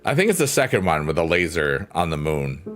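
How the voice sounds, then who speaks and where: A man's voice: extremely low pitch, very animated, fairly quick, fairly bright tone. A man hosting a livestream, chatting casually and jokingly as he reads out the chat. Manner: rambling, jokey, reads chat aloud. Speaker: livestream host. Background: piano.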